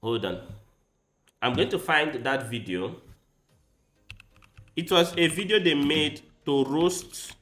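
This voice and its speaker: Brief: male streamer, bright forward tone, loose rambling chat to his viewers, soft music underneath. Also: a little high, slow pace, pauses often. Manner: rambling, chatty, talks straight to his viewers. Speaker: chess streamer. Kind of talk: casual livestream chat. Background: faint background music.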